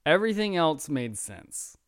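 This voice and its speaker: A young man chats excitedly about a film he just saw, breaking down the plot with a friend. His voice is smooth and resonant, recorded close in a dry, dead room. He often quotes characters in offhand voices. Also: a little high, measured pace, no room sound. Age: young adult. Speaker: podcast co-host. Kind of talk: casual movie review chat.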